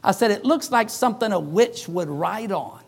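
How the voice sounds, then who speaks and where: A pastor with a high voice preaches to his congregation. He tells his stories in an animated way and acts out the voices of the people in them. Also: moderate pace, creaky, a little hiss or hum. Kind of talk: sermon storytelling.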